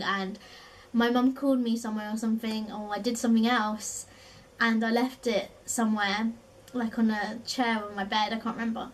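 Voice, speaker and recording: A woman's voice: on the high side, distant mic, slight background noise, rough recording. A young woman from London with a South East London accent, chatting casually as a vlogger, filling her talk with "like" and laughing often. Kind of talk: casual chat.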